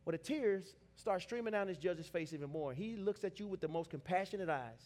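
A man preaching a sermon, telling a dramatic story that builds to shouted climaxes. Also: high voice, lively intonation, a little fast.

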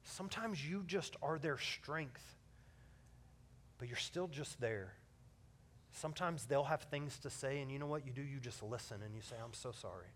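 A middle-aged man preaching a sermon as a pastor, earnest, moving from loud urging to soft, hushed lines. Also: mid-range voice, measured pace, a little hiss or hum.

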